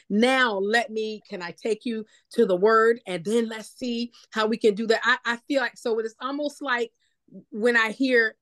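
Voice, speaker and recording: A woman pastor talks through her view in a class discussion, loose and conversational with plenty of fillers. Her voice sits a little high. The sound is dry and close, with no room around it. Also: normal speed, a bit bright, no echo. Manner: conversational, thinking aloud with many fillers. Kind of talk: discussion contribution.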